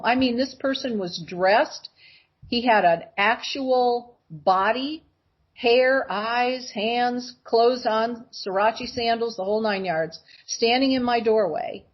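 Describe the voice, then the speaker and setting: A woman's voice: a little high, highs cut off. A woman guest telling personal stories, acting out the voices of the people in them. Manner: animated storyteller acting out voices. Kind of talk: personal storytelling.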